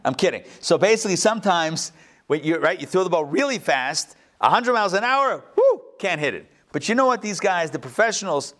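A rabbi giving a live Torah class, animated, with joking asides and quick self-corrections. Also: male voice, sits high.

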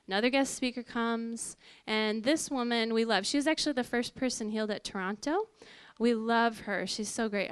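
A woman telling a personal testimony to an audience in a lively storytelling way, acting out what people said. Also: clear, resonant tone, dry recording. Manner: lively, acts out quoted voices with big pitch jumps. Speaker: speaker giving a personal testimony.

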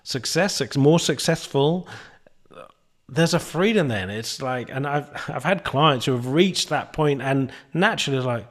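A man, a coach hosting a podcast, thinking aloud in a slow, searching, soft-spoken way. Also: mid-range voice, expressive. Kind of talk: reflective interview talk.

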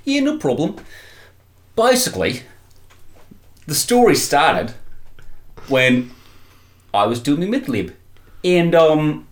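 A man's voice: sing-song, slow, pauses often. A man doing a cocky Kiwi crime boss. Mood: boastful. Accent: put-on New Zealand. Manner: chirpy, cocky, swoops up high on boasts. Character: boastful male New Zealand crime boss, middle-aged, proud and cheerful. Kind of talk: improvised comedy character interview.

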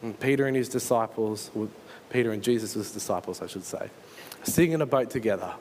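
A man's voice: on the low side, a little fast, a little mellow, a little hiss or hum. A male pastor, preaching a sermon and retelling a story with earnest storytelling. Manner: earnest storytelling, dramatizes scenes.

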